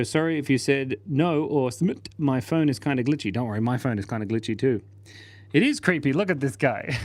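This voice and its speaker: A man's voice: mid-range voice, dry recording. A man hosting a casual live stream, chatting playfully and laughing while he draws and reads out viewer comments. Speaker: livestream host.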